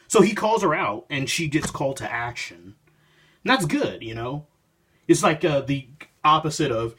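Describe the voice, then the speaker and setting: Husky-voiced man rambling through a comic review. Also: medium pitch. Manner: rambling, self-interrupting, paraphrases dialogue loosely. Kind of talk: casual spoken review, reading panels aloud. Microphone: phone.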